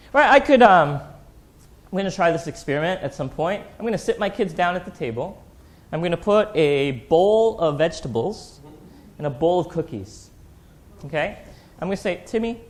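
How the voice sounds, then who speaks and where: A man in his thirties preaching a sermon to a church congregation in a casual, conversational way, often checking in with the listeners. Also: high-pitched. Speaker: pastor. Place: church hall.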